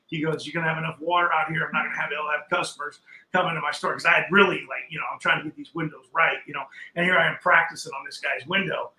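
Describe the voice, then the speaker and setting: Older man, animated storyteller, high bright voice, roomy echo. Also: quick pace. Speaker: podcast guest. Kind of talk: casual storytelling in a chat.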